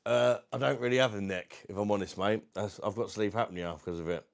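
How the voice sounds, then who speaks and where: A man's voice: on the low side, normal speed, gravelly. A man with a London accent, casually chatting on a livestream at home, reading out viewer comments and calling everyone mate. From South East London. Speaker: livestream host.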